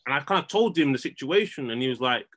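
This man's mid-range voice moves at a quick pace as he tells a story as a podcast guest. His chat is casual and slangy, an animated retelling where he often repeats and restarts words.

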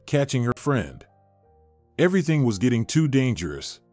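Male narrator for drama story, lively pitch, dry close recording, faint music under. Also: moderate pace, no echo.

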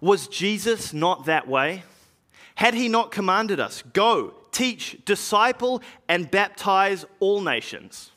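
A man performs an earnest early evangelist recounting his journey in a church drama monologue. His voice is bright and lively, with a lot of rise and fall, and he speaks slowly, with weighty pauses. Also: high-pitched, exaggerated voice. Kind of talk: dramatic first-person monologue.

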